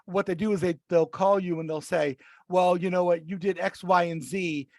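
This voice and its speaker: High-voiced man telling a story. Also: moderate pace, dry recording. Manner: animated, acts out quoted voices, many restarts. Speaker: podcast co-host. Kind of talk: casual storytelling chat.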